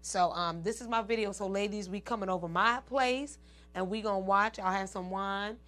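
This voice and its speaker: A woman hosting her own show, talking loosely and chattily straight to her audience. She calls them "y'all" and "ladies" and breaks into laughter between thoughts. Her voice sits at an ordinary middle pitch. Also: moderate pace, fairly bright tone. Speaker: show host. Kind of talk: casual chat to viewers.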